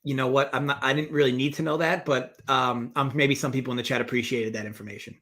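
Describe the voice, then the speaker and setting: A man's voice: medium pitch, fairly even intonation, quick pace, a bit bright. A man hosting a sports betting show, talking in a laid-back, casual way with short, dry replies. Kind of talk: casual chat.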